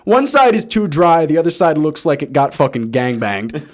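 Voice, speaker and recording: A man co-hosting a podcast, telling a story in a casual, animated way, swearing and laughing often. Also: a little high, moderate pace. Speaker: podcast co-host. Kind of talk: casual chat.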